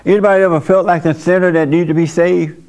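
A man's voice: high-pitched, steady tone, fast talker, a little mellow. A man leading an informal church service, talking bluntly and conversationally with his congregation in a folksy way. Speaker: pastor.

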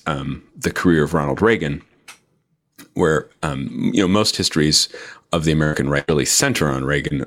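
A man in his forties, a book author being interviewed, speaking in a measured way with frequent hesitations and fillers. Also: a bass voice, a bit bright. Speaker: author guest. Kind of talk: interview conversation.

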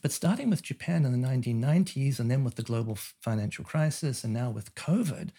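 Husky-voiced male economist explaining. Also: mid-range voice, expressive, quick pace, mellow. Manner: thoughtful, explanatory, with frequent fillers and restarts. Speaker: economist guest. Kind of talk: conversational interview.

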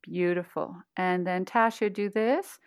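A woman's voice: fairly low pitch, unhurried, smooth, no room sound. A woman voice coach guiding exercises patiently, demonstrating hums and chants. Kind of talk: guided voice exercises.

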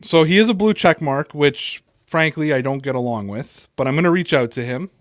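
Guy with an american italian accent hosting a sports podcast, jokey, kinda high voice, dry close sound. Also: expressive, a little fast, no echo. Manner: joking, self-mocking. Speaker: podcast host. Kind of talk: casual live-stream chat.

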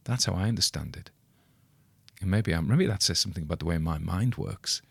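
Deep-voiced rambling man. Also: lively intonation, a little fast, creaky, breathy edge, no echo. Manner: digressive, self-deprecating, wry asides. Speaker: audiobook reader commenting on a story. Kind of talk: rambling casual commentary.

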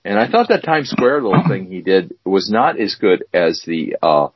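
A man co-hosts a podcast in loose, rambling chat, often stopping to restart his sentences. His voice is husky and sits fairly low. The recording is dry and a little dull. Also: big pitch swings, normal speed, no echo. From United States. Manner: rambling, with many fillers and restarts. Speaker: podcast co-host. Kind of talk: casual chat.

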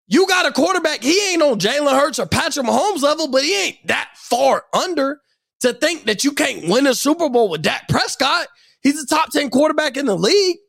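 A man hosting a sports podcast, delivering an angry, profane rant and shouting at times. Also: very high voice, vocal fry, no echo, studio quality.

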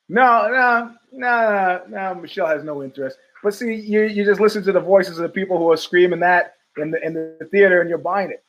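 A man's voice: sits high, measured pace, muffled recording. A man hosting his own talk show, telling rambling stories with voiced quotes and frequent laughs. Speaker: podcast host. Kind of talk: rambling casual monologue.

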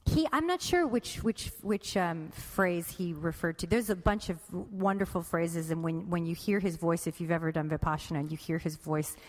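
A woman's voice: on the low side, normal speed, few pauses, long reverb tail. A woman chatting casually on a podcast, rambling and correcting herself mid-sentence, often breaking into laughter. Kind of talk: casual conversation about meditation.

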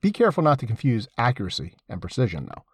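A man reads a scripted essay in a husky voice that rises and falls with lively emphasis, tossing in wry, sardonic asides. The sound is dry and close, with no room around it. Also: medium pitch, quick pace, no echo. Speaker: essay reader.

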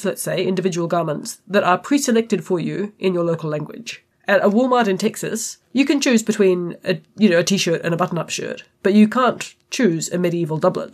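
A podcast co-host with a New Zealand accent, explaining points in a casual, matter-of-fact way. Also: medium pitch. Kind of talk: casual discussion.

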